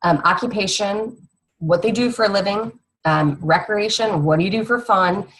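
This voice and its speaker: A woman's voice: mid-range voice, moderate pace, rough recording. A young woman fitness coach giving a casual, rambling training talk to other coaches, teasing her co-host.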